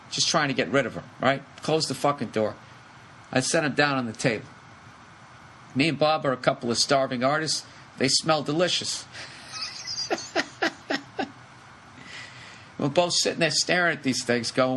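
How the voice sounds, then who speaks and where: A man's voice: mid-range voice, moderate pace, pauses often, slight background noise. A man with a Boston accent telling a long comic story on a podcast, swearing freely and acting out the people in it. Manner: profane, animated, acts out the people in his story. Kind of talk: casual storytelling.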